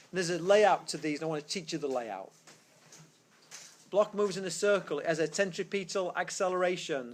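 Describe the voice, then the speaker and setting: A man teaching a physics class, explaining step by step in a classroom and correcting himself as he goes. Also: sits high. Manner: explanatory, thinks aloud, self-correcting. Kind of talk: classroom lecture. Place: classroom with students. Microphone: tablet screencast mic.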